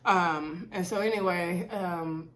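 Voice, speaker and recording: A woman's voice: on the low side, slow, a bit bright. A woman vlogger, recapping a reality show in an opinionated, chatty way with many fillers and asides. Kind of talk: casual recap chat.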